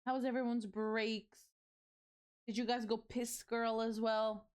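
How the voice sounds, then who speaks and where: A chatty young woman streaming and talking to her viewers. Her voice sits a touch high and sounds a little strained. She rambles from topic to topic. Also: flat delivery, a little slow, a little mellow, clear, resonant tone. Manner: chatty, rambling, self-described yapper. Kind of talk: casual live-stream chat while building.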